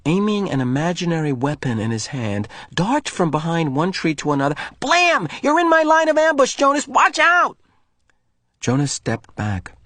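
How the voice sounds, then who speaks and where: A male teacher reading a novel aloud to his class in an expressive, storytelling way. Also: on the low side, no echo.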